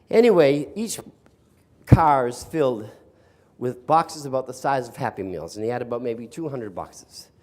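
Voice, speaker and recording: An older East Coast man, mid-range and a little mellow in voice, gives a storytelling workshop talk in a room with a live audience. He's a sarcastic storyteller addressing teachers and putting questions to them.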